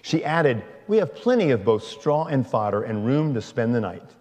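A man reading a long scripture passage aloud in a slow, measured way. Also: medium pitch, sing-song, a little mellow, long reverb tail. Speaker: scripture reader.

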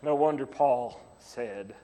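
A man preaching as a pastor, impassioned, breaking into shouts to drive points home. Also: medium pitch, slow pace, long reverb tail. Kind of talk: sermon.

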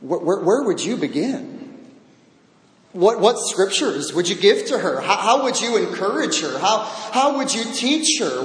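A man preaching a sermon as pastor, earnest and emphatic, building to pleading crescendos. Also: sits high. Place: church sanctuary. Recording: roomy hall with long reverb.

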